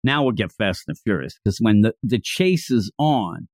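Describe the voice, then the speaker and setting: A man co-hosting a casual chat about a story he is reviewing. He is animated and acts out the scenes in funny voices. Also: fairly low pitch, moderate pace, no echo, studio quality. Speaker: podcast co-host.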